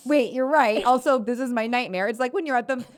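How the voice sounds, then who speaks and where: A woman's voice: on the high side, brisk. Rambling woman telling a story. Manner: rambling storyteller, frequent "like" fillers. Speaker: podcast co-host. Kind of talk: casual chat.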